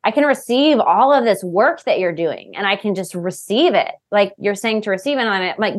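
A woman's voice: medium pitch, expressive, moderate pace, hardly any pauses. A woman hosting a casual chat, gushing with praise for her guest and tearful. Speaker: podcast host.

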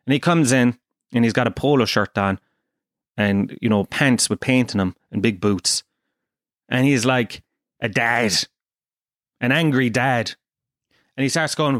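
A man's voice: mid-range voice, unhurried, pauses often, a bit bright, no echo, clean studio sound. An Irish man from Kerry hosting a podcast, telling a comic story in a profane, self-deprecating way. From Kerry, Ireland. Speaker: podcast host.

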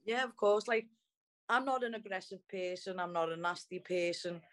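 A young woman with a Liverpool accent speaks as an interview guest. Her pitch sits in an ordinary middle range, and her talk is frank and casual. She swears without a second thought and keeps dropping "like" between her phrases. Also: normal speed. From Liverpool, England. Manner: blunt and sweary, peppered with "like". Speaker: MMA fighter, interview guest. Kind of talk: candid casual storytelling.

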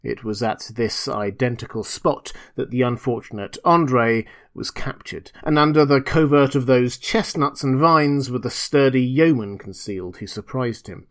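A man's voice: mid-range voice, normal speed, few pauses. Man dramatically reading a gothic tale. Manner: theatrical, dropping to hushed tones at tense moments. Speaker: storyteller.

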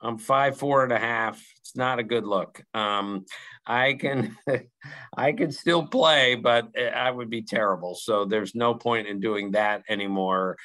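A man's voice: mid-range voice, fairly even intonation, slow, bright, forceful tone, rough recording. A man in his sixties from Maryland, a baseball reporter giving earnest opinions as a podcast guest, laughing easily. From Maryland, USA. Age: 60s. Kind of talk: podcast interview, casual chat.

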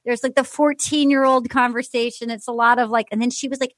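High-voiced chatty woman host. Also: fairly even intonation, a little fast, few pauses, no echo. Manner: chatty, mocking, acts out quotes. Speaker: podcast host. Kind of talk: casual recap chat.

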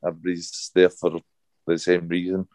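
Deep dark-voiced footballer, um-ing through an interview, dry sound. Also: male voice, completely flat delivery, fairly quick, dry recording. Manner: hesitant, many fillers, keeps saying obviously. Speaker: guest footballer. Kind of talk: interview answers.

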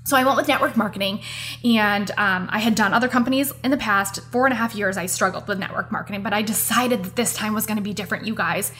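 A woman hosts her own podcast, delivering a casual motivational monologue in an earnest, chatty way and calling her listeners "you guys." Her mid-range voice is fast and fairly bright, with soft music in the background.

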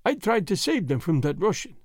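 A man's voice: sits high, big pitch swings, a little fast, no room sound, clean studio sound. A man voicing a wounded, dying Swedish sailor who speaks weak, broken English in a near whisper. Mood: pleading.

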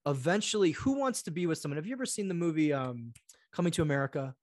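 A man's voice: fairly high pitch, quick pace, no echo, studio quality. A man talking as a podcast guest, telling stories and acting out the voices of people in them. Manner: animated storyteller acting out quoted voices. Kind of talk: conversational interview.

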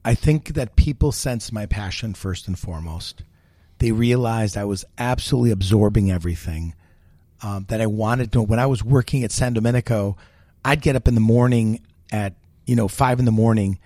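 Brief: middle-aged male chef, lively raconteur, close dry podcast mic. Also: fairly low pitch, moderate pace, no echo. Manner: animated storyteller, many fillers, quotes others. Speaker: guest chef. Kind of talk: storytelling interview chat.

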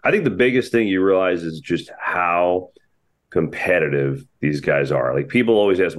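A man with a very low, deep voice, appearing as a sports broadcaster guest on a podcast, talks about athletes he works with. At a moderate pace, his easygoing chat is loose and rambling, packed with restarts, fillers, and slang.

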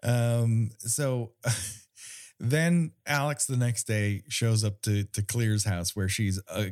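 A man's voice: on the low side, fairly even intonation, takes it slowly, darkish tone, clear, resonant tone, dry recording, studio quality. A man co-hosting a casual movie recap podcast, wry and joking, with casual swearing and frequent laughs. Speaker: podcast co-host.

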